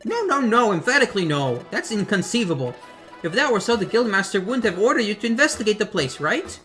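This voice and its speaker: A man's voice: high voice, very animated, moderate pace, sharp tone, faint music behind, exaggerated voice. A man playing Chatot, a pompous fussy bird. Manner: haughty, emphatic, lecturing. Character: fussy pompous bird, the guild's stern assistant.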